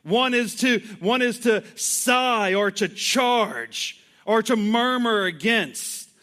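A man's voice: very high voice, lively intonation, slow, bright, forceful tone. A male pastor preaching a sermon in an emphatic, conversational way, full of rhetorical questions and asides.

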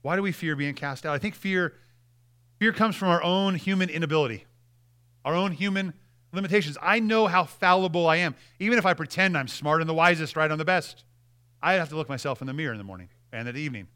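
A male pastor preaching a sermon, earnest, reading quoted passages aloud with emphasis and dropping to a hush at key lines. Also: fairly high pitch, quick pace, smooth. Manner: earnest, with repeated restarts and dramatic drops in volume.

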